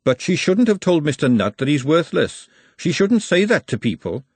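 An earnest young cook woman who talks bluntly and jumps to defend what she cares about, as a male reader puts her on. The voice is lifted above the reader's own, with a husky grain and a lively, swinging pitch, and the recording is close and dry. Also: normal speed, dry recording, exaggerated voice.

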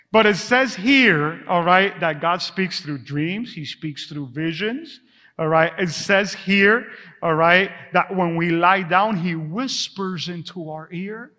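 Bright-voiced male pastor preaching in a hall. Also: high voice. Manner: passionate preaching, dropping to whispers. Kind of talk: sermon. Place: church sanctuary. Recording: long reverb of a church hall.

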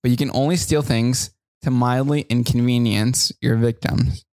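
A man's voice: mid-range voice, fairly even intonation, moderate pace, mellow, no echo. A man in his twenties hosting a podcast in casual chat, upbeat, teasing and steering the talk. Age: 20s. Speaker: podcast host.

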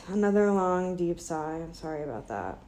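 A woman's voice: fairly low pitch, big pitch swings, normal speed, dark tone. A woman vlogging in casual, rambling chat, sleepy and not fully awake, self-deprecating and often trailing off mid-sentence. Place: indoors at home, an apartment. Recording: echoey room with faint ambience.

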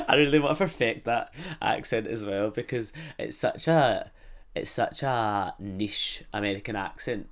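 Speaking a little slowly in a lowish voice, this young man with a Glasgow accent hosts a podcast full of rambling, comic, sweary chat.

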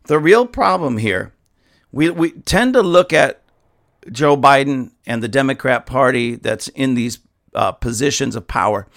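A man's voice: medium pitch, expressive, measured pace, gravelly. A man who pastors a church, giving impassioned political commentary and reading news aloud, emphatic and often addressing his listeners directly. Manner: emphatic, repeatedly addresses "ladies and gentlemen".

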